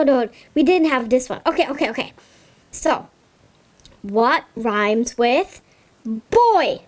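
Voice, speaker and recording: Female kids' host, young adult, high animated voice, unhurried, playful teacher delivery. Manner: bubbly, exaggerated teacher talk to kids. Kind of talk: children's craft lesson.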